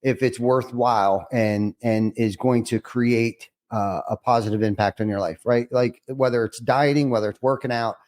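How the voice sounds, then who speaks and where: A man hosts a relaxed podcast interview, earnest and reflective. His voice is mid-pitched and ordinary. He stumbles and restarts as he gathers his thoughts. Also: normal speed, few pauses. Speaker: podcast host.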